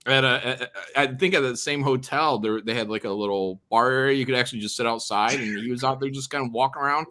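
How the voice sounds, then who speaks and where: A co-host with a bright, sharp-edged voice, chatting at a middle pitch. He reacts eagerly, laughs often, and tells his own stories in quick, loose bits. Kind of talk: casual chat.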